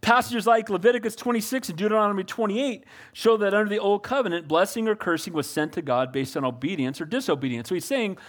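High-voiced preaching man. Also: fast talker, hardly any pauses. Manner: preachy, calls for amens, shifts from loud to soft. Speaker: pastor. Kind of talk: sermon.

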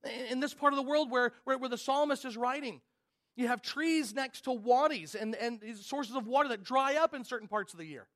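A man preaching a sermon as a pastor, earnest, moving from loud emphasis to quiet intensity. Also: very high-pitched, fairly quick.

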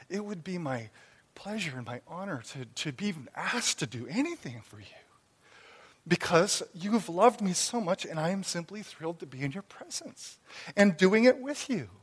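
A man in his thirties or forties preaching a sermon as a pastor, conversational and animated. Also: sits high, breathy edge. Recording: long reverb of a hall.

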